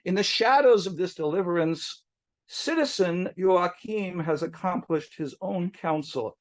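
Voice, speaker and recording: A man's voice: high voice, unhurried, no room sound. A man introducing poets at a reading, chatting with asides and self-corrections, then reading quoted lines of poetry aloud. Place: poetry bookshop reading, hybrid video call.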